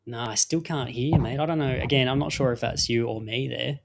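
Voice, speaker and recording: A man's voice: medium pitch, steady tone, fairly quick, vocal fry, background noise. A man with an Australian accent hosting a live fantasy sports show, talking in chatty, upbeat promo patter and apologising often. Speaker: podcast host.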